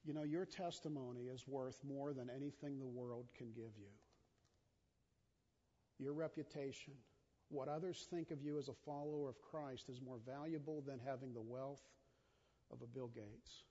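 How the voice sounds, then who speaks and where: A middle-aged man preaching a sermon in an earnest, conversational way, often repeating himself as he speaks, swinging from urgent and loud to quiet and intimate. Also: medium pitch, fairly even intonation, moderate pace. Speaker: pastor. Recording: dull sound with long hall reverb.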